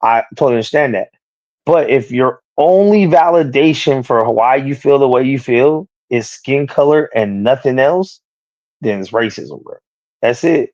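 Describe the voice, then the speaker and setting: A man in the middle of a heated, profane rant on a streamed talk show, swinging into sharp raised-voice quotes of other people. His audio is dull and muffled, and the sound is dry with no room around it. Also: medium pitch, moderate pace, no room sound. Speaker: streamer co-host. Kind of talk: heated casual chat.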